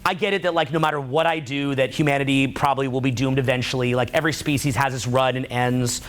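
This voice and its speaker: A man's voice: mid-range voice, fairly even intonation, quick pace. A man giving a casual talk to a live audience, rambling and peppering his speech with "like" and "right?". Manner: rambling, heavy use of "like" and "right?". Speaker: seminar speaker.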